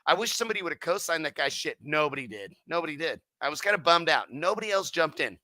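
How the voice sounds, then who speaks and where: A man's voice: on the high side, very animated, quick pace, pushed and bright, dry recording. A man guesting on a casual podcast about his car audio company, swearing constantly and heatedly acting out his customers' remarks.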